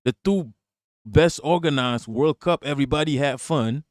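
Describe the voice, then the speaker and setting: A man's voice: fairly high pitch, no echo, clean studio sound. A man hosting a live stream, reacting to news clips with profane, laughing rants. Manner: ranting, profane, quick to laugh. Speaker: livestream host.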